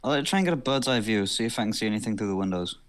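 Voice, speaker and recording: Low-voiced man joking at the table. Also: lively intonation, rapid-fire. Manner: joking, crude. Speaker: player. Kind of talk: casual chat.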